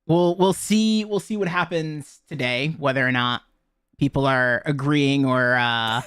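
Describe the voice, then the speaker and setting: A man's voice: mid-range voice, a little slow, fairly bright tone, smooth, dry recording, clean studio sound. A man co-hosting a casual podcast about a video game, joking and laughing often as he talks. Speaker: podcast co-host.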